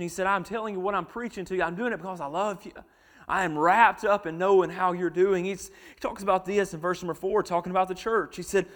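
A man preaching a sermon, dropping quiet and then rising loud, stretching words out for emphasis. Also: high voice.

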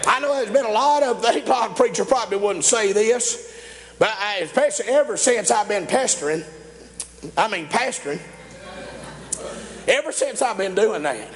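High-voiced folksy preacher man. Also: expressive, moderate pace, pauses often. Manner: folksy, exclaiming, laughs often. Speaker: pastor. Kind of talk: sermon.

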